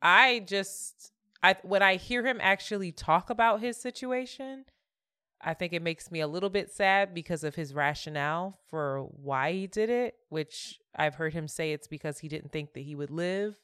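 A woman's voice: fairly low pitch, normal speed, pushed and bright, clean tone, no room sound, studio quality. A woman co-hosting a podcast, candid and reflective in casual chat, laughing easily. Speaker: podcast co-host.

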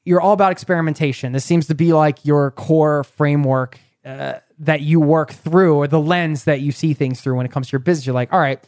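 A man's voice: fairly high pitch, fairly even intonation, fairly quick, few pauses, a little mellow, no echo, studio quality. A man hosting a conversational podcast interview, chatty and asking probing questions. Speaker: podcast host.

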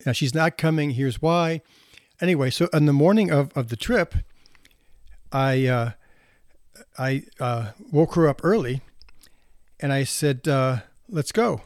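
A man's voice: medium pitch, unhurried, long pauses, a little mellow, dry recording, clean studio sound. A man in his sixties, a physician, telling anecdotes about marriage and parenting in a casual way, chuckling now and then. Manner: anecdotal, with laughter and restarts. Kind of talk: casual storytelling talk.

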